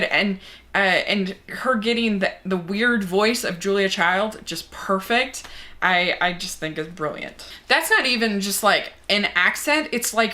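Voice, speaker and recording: A young woman talks through her film picks in an easy, chatty vlog manner. Her voice sits at a middle pitch and has a bright, forward tone. She sounds eager and enthusiastic throughout, as if speaking close to the mic. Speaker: movie reviewer. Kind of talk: casual chat answering a movie tag.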